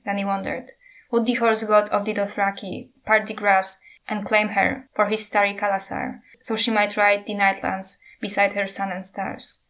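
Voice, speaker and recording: A woman reads a fantasy novel aloud, steady and unhurried. Her pitch sits in a middle range and barely moves, giving the passage a flat, even telling. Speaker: narrator.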